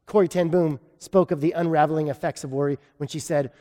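Brief: male pastor, higher-pitched voice, chatty joking sermon delivery, hall reverb. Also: fairly even intonation, a little fast, hardly any pauses, mellow. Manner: self-deprecating humor, conversational preaching.

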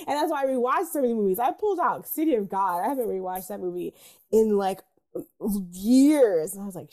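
A woman's voice: medium pitch, lively intonation, quick pace, warm tone. Weary, candid woman podcast co-host. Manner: candid, weary, laughs often, swears casually. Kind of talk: casual chat.

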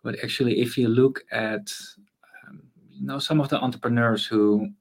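A man's voice: medium pitch, fairly even intonation, moderate pace, vocal fry. A man guest in a casual interview, talking thoughtfully about making mental space, with frequent fillers and restarts.

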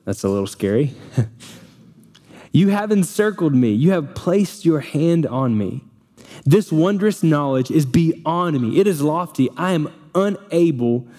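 A man's voice: a little high, warm tone. A young man preaching a sermon as pastor, earnest, reading scripture aloud and sometimes restarting his sentences.

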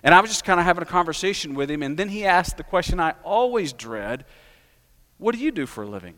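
A pastor preaches to his congregation with a fairly high voice. He tells stories in a conversational way and then builds to emphatic, rising peaks. His voice carries a long reverb from the church sanctuary. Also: sing-song, fast talker, fairly bright tone. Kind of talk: sermon.

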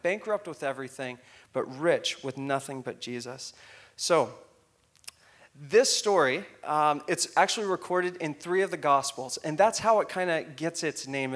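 A male pastor preaching a sermon, reading scripture and acting out the quotes, asking the congregation to repeat lines. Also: fairly high pitch. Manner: expressive, acts out quotes, asks congregation to repeat.

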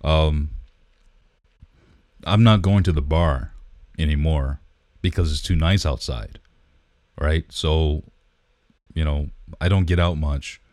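A man's voice: extremely low pitch, takes it slowly, pauses often, a little mellow, no room sound. A man co-hosting a podcast, chatting in a laid-back, rambling way with lots of fillers, recorded close on the mic. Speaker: podcast co-host. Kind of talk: casual chat.

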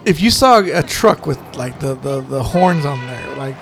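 A man's voice: mid-range voice, lively intonation, moderate pace, creaky, background noise. A man in casual, joking chat with a friend while they watch a movie, telling stories and swearing freely. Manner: joking, storytelling, profane.

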